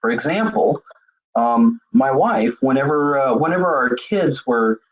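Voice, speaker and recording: A man's voice: medium pitch, animated, unhurried. A man presenting a recorded web seminar on leadership, explaining ideas as he thinks them through. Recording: dull lo-fi web seminar audio.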